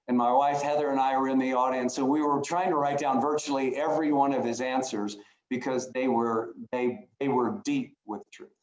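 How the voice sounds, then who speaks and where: A man's voice: medium pitch, fairly even intonation, moderate pace, darkish tone, roomy sound, highs cut off. A man giving a conference talk over a video call, earnest and at times emotional, often restarting phrases. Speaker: conference speaker.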